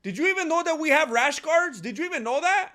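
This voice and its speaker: This man hosts a casual livestream, joking around in a playful way and reading chat names aloud. His voice is extremely high-pitched, expressive and sharp, and he talks fast.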